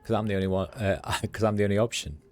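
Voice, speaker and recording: A man's voice: on the low side, fast, darkish tone, close to an everyday voice. A man voicing a hungover, cheerful, middle-aged male street doctor with a loose Midwestern accent and words piling together, jokey and boastful. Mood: easygoing. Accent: Midwestern American. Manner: jokey, laid-back, boastful. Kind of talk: reading game dialogue aloud on a livestream.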